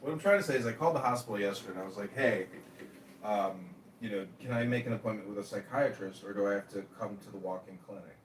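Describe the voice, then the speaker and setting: A man's voice: lowish voice, fast talker. Guy rambling stories, swears a lot, kinda far from the mic in an echoey room, bit of hiss. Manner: animated, acts out quoted voices, profane. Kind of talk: casual rambling storytelling. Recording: echoey room, distant from mic, faint noise.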